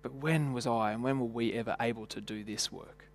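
A man's voice: mid-range voice, steady tone, brisk. A man preaching a sermon in a church, conversational and full of rhetorical questions and stories. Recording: long hall reverb.

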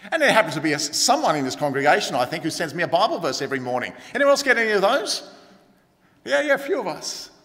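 A middle-aged pastor preaches in a high voice, chatty and direct, with asides to the congregation. The sound rings with the long reverb of a church hall. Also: male voice, very animated, fast, fairly bright tone. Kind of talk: sermon.

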